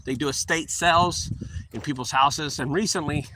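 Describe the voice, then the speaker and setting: A man's voice: on the high side, moderate pace, sharp tone. Rambling middle-aged man, noisy recording. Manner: rambling and repetitive, acting out short quoted exchanges. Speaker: junk removal business owner giving advice. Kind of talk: casual advice monologue.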